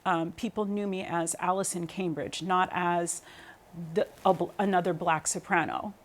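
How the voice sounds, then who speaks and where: A woman in her thirties, an opera singer, is a guest in an interview conversation about her singing career. She tells stories animatedly, with lots of ums, fillers and restarts. Her voice is on the low side and her pace is moderate.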